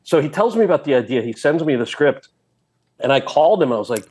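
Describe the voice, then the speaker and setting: A man's voice: fairly high pitch, fast talker, husky. A man in his forties from New Jersey, a podcast guest telling a story and acting out the dialogue. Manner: animated, acts out quoted dialogue. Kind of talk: casual storytelling.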